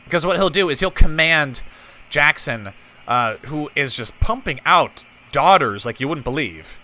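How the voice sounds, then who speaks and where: Guy doing game commentary, voice jumps all over, sharp and bright, chatty with viewers. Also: a little high, expressive, measured pace. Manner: chatty, laughs easily, talks to viewers. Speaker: gameplay host. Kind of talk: casual strategy game commentary.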